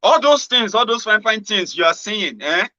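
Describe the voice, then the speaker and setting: A man with a Nigerian accent, mixing in Pidgin, giving a casual motivational monologue as a host. He swings from loud exclamations to low murmurs. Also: lively intonation, normal speed, dry recording. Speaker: political commentary host. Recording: dull lo-fi sound.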